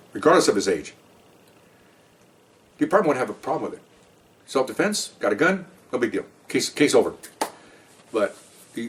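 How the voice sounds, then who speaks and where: Older ex-cop guy rambling through a war story fast, acts out the voices. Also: fairly low pitch. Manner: rambling, animated retelling with acted-out quotes. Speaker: retired police officer telling a story. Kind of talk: casual storytelling. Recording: voice a bit far from the mic.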